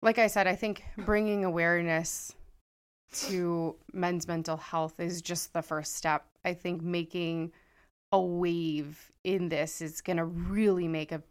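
Woman cohost, smooth clear voice, bit low, emphatic and supportive. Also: fairly even intonation, unhurried. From Connecticut, United States. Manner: supportive, emphatic, says "literally" often. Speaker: podcast co-host. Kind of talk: casual podcast chat.

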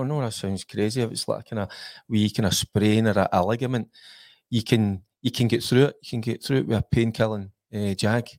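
A man's voice: medium pitch, a little mellow, no echo, clean studio sound. Earnest Scottish man talking football. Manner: earnest, thinking aloud with fillers. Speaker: football pundit. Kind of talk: casual football chat.

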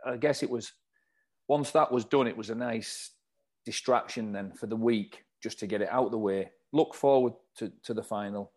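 A man's voice: lowish voice, normal speed, darkish tone. Man recounting match details, laughing. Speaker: former footballer guest. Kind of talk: casual interview chat.

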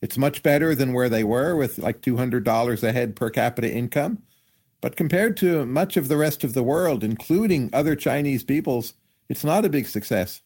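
Man, economist guest on a podcast, measured and analytical delivery. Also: medium pitch, expressive, darkish tone, breathy edge. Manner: measured, analytical, hedging with hypotheses. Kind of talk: podcast interview answers.

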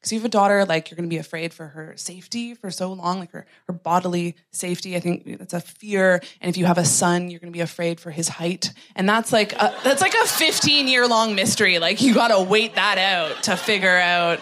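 A Canadian woman doing a stand-up set on a theatre stage, self-deprecating and halting, with lots of "like"s. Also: lowish voice, fairly bright tone. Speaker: stand-up comedian. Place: theatre stage, recorded live.

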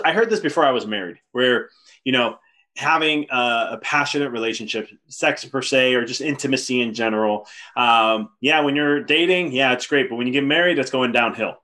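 A man hosting a podcast, asking a long question with many restarts and pauses. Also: medium pitch, pushed and bright. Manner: halting, with many restarts and fillers. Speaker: podcast host. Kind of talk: interview questions.

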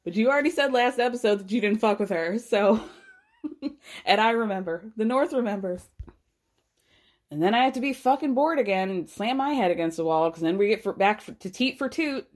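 A woman's voice: mid-range voice, animated, a little fast. A woman hosting a podcast, giving a casual, blunt and sarcastic recap of a reality show, swearing freely. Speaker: podcast host.

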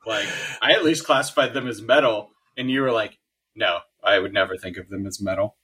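A man joins a podcast chat with dry, low-key jokes. His voice is husky but bright, never rushed. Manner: dry, laid-back joking. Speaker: podcast co-host.

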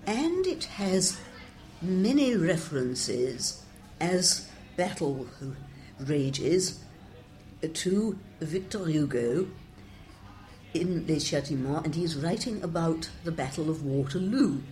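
A woman's voice: sits low, animated, slow, dark tone. An older woman, a translator, giving wry, discursive interview answers and quoting verse with relish.

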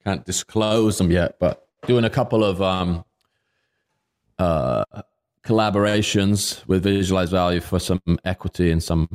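A man's voice: sits low, unhurried, darkish tone. A man co-hosting a podcast, chatting casually and rambling with plenty of fillers. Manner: laid-back, rambling with fillers. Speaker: podcast co-host. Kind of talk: casual chat.

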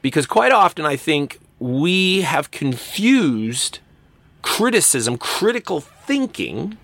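Animated man giving a recorded lecture. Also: on the high side, slow pace, gravelly, dry recording. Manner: animated, acts out quoted voices. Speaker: university English instructor.

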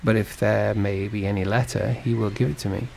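A man's voice: fairly low pitch, steady tone, a little fast, gravelly, darkish tone, slight background noise, poor audio. A man reading a storybook and voicing a kindly, fatherly shipowner who asks questions. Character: male shipowner, warm and fatherly employer.

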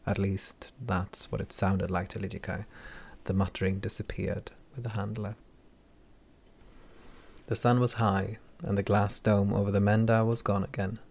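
A man narrating a fantasy audiobook in a measured, wry storytelling manner. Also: lowish voice, gravelly, a little mellow.

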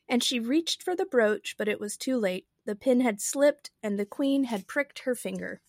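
A woman's voice: mid-range voice, normal speed, hardly any pauses, dry recording, clean studio sound. A woman hosting a podcast, chatting about a book with wondering, amused asides and reading it aloud. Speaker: podcast host and reader. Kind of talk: casual musing and reading aloud.

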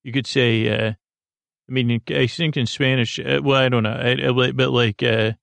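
A man hosting a podcast, recapping an episode in a halting, rambling way with many fillers and restarts. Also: medium pitch, fairly even intonation, vocal fry, a bit bright, dry recording. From United States. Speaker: podcast host.

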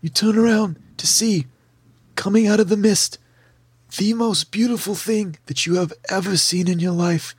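A man's voice: high voice, moderate pace, breathy edge, dry recording. A man narrating a tabletop fantasy game as game master, with theatrical, vivid descriptions and playful asides.

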